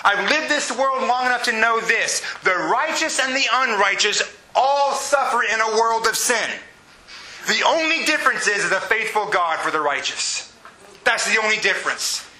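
Pastor, male, 30s; high, bright, animated sermon delivery; roomy church sound. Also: moderate pace. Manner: animated preaching with shouted exclamations. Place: church sanctuary. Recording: echoey room with faint hiss.

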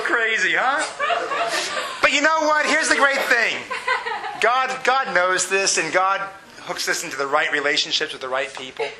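A middle-aged man preaching with earnest conviction, his voice high and strikingly bright. He mixes personal stories with climbing, fervent emphasis. A faint hiss sits under the recording. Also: low-quality recording. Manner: personal storytelling with laughs. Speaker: pastor. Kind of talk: sermon.

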